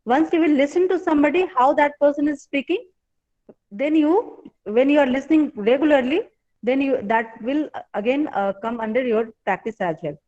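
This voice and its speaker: A woman with an Indian English accent teaching an online class as a professor, speaking haltingly with many fillers and repeated phrases. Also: sits high, a little mellow. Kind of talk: live online lecture. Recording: dull lo-fi online class audio.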